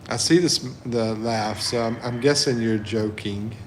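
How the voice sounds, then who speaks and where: A man hosting a livestream, reading chat comments aloud and chuckling often in a relaxed way. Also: medium pitch, a little hiss or hum. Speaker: livestream host.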